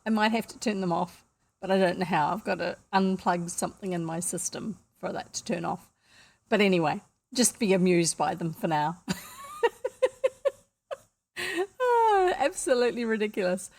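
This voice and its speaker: A woman with a New Zealand accent reading a classic story aloud, lively and amused, with chatty asides. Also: lowish voice, moderate pace, creaky. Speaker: audiobook reader.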